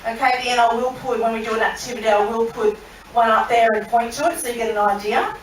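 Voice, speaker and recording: Speaking quickly with fairly even intonation, an Australian woman with a slightly high voice presents a lesson on a cruise ship, asking the audience questions and laughing at her own story. The large hall is very echoey, she sounds far away, and faint hiss or hum is audible.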